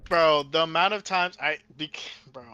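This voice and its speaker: A young man chatting casually while gaming, telling stories excitably. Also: a little high, moderate pace, lo-fi sound. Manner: excitable, laughing storyteller.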